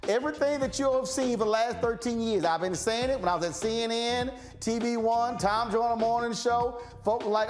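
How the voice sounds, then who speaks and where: A man's voice: high voice, expressive, moderate pace, few pauses, faint music behind. A man hosting a political talk show, speaking, emphatic and repetitive, preaching at his viewers. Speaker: show host. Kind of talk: fiery political commentary.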